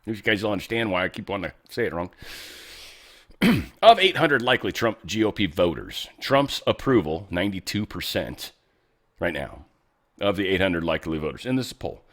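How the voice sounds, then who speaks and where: A man hosting a show, talking casually and bluntly over clips, rambling and swearing, his voice swinging between loud and quiet. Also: sits low, sing-song, normal speed. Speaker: show host.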